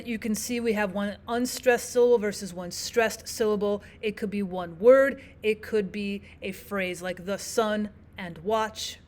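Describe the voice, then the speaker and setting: A woman explaining poetic meter in a lesson, walking through examples and slowing down to read lines of verse aloud. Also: medium pitch, a little mellow. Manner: clear, measured teaching delivery, slows to read verse aloud. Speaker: teacher. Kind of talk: explaining poetry lesson over slides.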